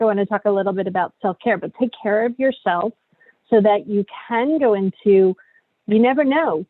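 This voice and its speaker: A woman's voice: mid-range voice, no echo. A middle-aged woman coaching parents, candid and conversational, often checking in with "right?" at the end of a point. Her voice comes through a tinny, phone-like line. The sound is dry and close. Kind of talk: online parenting workshop.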